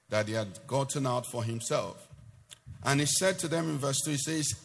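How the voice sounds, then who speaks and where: A man's voice: medium pitch, a bit bright, big-room sound. A man preaching a sermon to a congregation, asking questions and rising into emphatic declarations.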